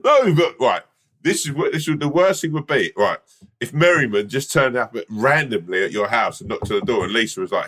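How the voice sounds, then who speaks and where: A man's voice: medium pitch, expressive, fairly quick, fairly bright tone. A man co-hosting a podcast, chatting casually and telling playful stories with acted voices, often laughing. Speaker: podcast co-host. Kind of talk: casual chat.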